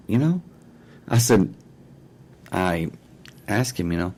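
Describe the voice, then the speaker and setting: An online talk-show host, recording on his own mic and mixer at home, tells a rambling casual story, repeating "I said" and "he says" again and again. His voice is low, creaky, husky and a little mellow, at a measured pace with frequent pauses, and the recording is rough.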